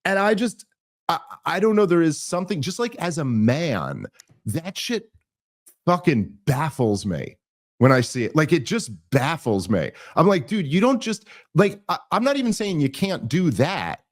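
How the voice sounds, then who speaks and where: A man hosting a podcast, telling a story in casual chat, animated and full of restarts and mocking asides. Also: fairly high pitch, moderate pace. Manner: animated, mocking quoted voices, many restarts. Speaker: podcast host.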